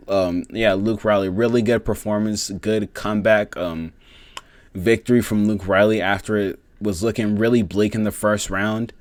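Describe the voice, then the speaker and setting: A man with a low-pitched voice talks through fight results in a loose, rambling way. He swears constantly and fills pauses with "um" and "you know". The sound is dry and close. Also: steady tone, darkish tone, dry recording. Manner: rambling, heavy swearing, many fillers. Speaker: MMA fight reviewer. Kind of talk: casual reaction commentary.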